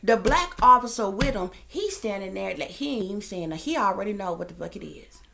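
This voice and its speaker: A woman's voice: medium pitch, expressive, brisk, gravelly, a bit bright. A woman host telling a story to her viewers in a casual, heated rant, profane and emphatic. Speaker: psychic reader and channel host.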